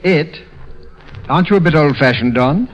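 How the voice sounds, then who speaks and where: A British man with a slightly high voice, animated and moderately paced, appears as a guest on a radio comedy show. He trades banter in a dry, rueful, self-deprecating way from a radio studio, heard through a dull 1930s radio broadcast.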